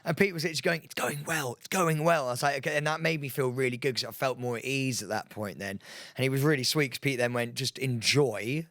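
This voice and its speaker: A man chats on a podcast as an excitable, rambling storyteller who piles up fillers. His voice sits in a middle pitch. The close, dry studio sound has almost no room in it. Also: very fast, no room sound. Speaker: podcast co-host. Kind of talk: casual chat.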